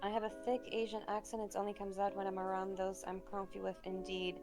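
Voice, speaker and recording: A woman's voice: medium pitch, monotone, quick pace. A woman chatting casually on an art stream, enthusiastic and rambling, with a lot of "like" in her talk. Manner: enthusiastic, rambling, heavy use of "like". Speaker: co-host streamer. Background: faint background music.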